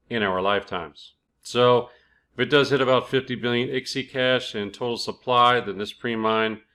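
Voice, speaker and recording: A man hosting his own cryptocurrency channel, explaining a coin project in a relaxed, conversational way, with fillers and small self-corrections. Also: fairly low pitch, creaky. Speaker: crypto YouTube channel host. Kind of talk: casual explainer, reading from a project page.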